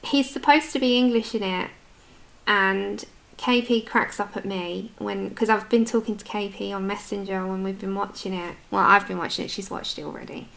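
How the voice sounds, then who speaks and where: A woman's voice: mid-range voice, fairly even intonation, moderate pace, vocal fry, a bit bright. A British woman in her adult years chatting casually with viewers while colouring on a livestream, answering their comments as she goes. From United Kingdom.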